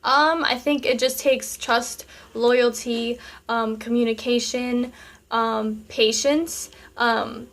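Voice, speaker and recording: A sassy young woman talks straight to her viewers and works through their questions one by one. Her voice sits a little high, and she speaks in loose, chatty bursts padded with "um" and "like". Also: steady tone, slow, a bit bright. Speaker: vlogger answering viewer questions. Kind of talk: casual chat.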